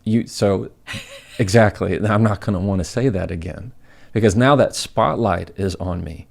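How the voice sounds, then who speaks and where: A man as a podcast guest, calmly explaining advice and acting out example dialogue. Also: fairly low pitch, measured pace, gravelly. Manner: steady, acts out example dialogue. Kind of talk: conversational advice.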